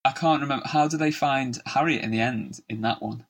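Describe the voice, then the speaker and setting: A laid-back man co-hosts a podcast, chatting casually at a brisk clip in a mid-range voice. He swears freely and laughs easily.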